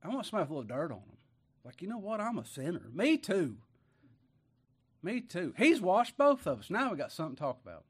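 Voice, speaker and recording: Folksy preacher, fairly high voice. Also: male voice, wildly swooping pitch, brisk, long pauses, slightly rough. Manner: folksy, asks the congregation many rhetorical questions. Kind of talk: sermon.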